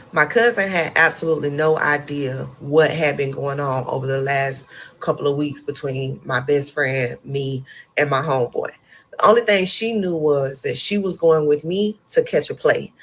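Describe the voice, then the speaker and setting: Young woman, lower voice, candid storytime, animated retelling. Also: slight background noise. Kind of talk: storytime monologue.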